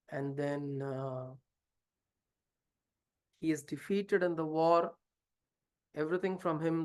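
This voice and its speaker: A spiritual teacher explaining a scripture passage through a story, hesitant at times and asking many rhetorical questions. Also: medium pitch. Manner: hesitant, with fillers and restarts. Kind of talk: scripture lesson told as a story.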